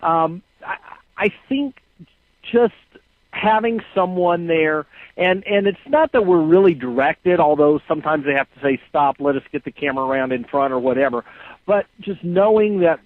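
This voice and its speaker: Male caller, hesitant and halting, thin phone-line sound. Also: a little high, dry recording. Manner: hesitant, many fillers and restarts. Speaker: guest calling in. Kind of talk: casual interview answers.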